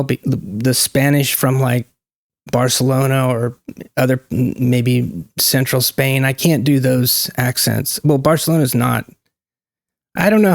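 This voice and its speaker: A man with a gravelly edge talks in a casual, unscripted monologue, wandering off track, joking and catching himself mid-sentence. His voice sits at an ordinary middle pitch. The sound is dry and close, with no room echo. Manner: rambling, self-interrupting, joking asides. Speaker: channel host.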